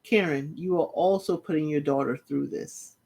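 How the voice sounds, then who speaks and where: A woman's voice: sits low, moderate pace, creaky, a little mellow, slightly rough. A woman hosting a casual recap show, retelling scenes and talking straight to the people in them. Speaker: reality TV recap host.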